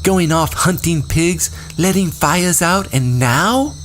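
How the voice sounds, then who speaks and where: A man reading an audiobook and voicing a frightened, whiny plump schoolboy who talks in a shrill, pleading way. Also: slow, fairly bright tone, a little hiss or hum. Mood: shrill protest. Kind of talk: audiobook character voice.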